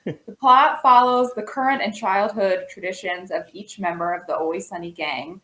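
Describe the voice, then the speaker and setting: Relaxed woman co-host, echoey room. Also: mid-range voice, moderate pace. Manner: relaxed, conversational, some fillers. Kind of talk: casual TV recommendation chat.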